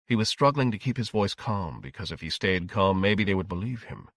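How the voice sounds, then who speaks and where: Male audiobook narrator, low, dry close sound, steady pacing. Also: fairly quick, hardly any pauses, no echo.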